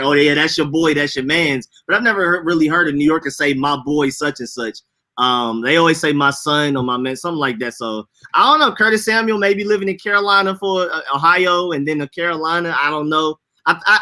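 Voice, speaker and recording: Young man, slight Atlanta accent, bright forceful voice, easygoing podcast banter. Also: fairly high pitch. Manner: laid-back, laughs often, repeats words. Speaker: podcast co-host. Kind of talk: casual chat.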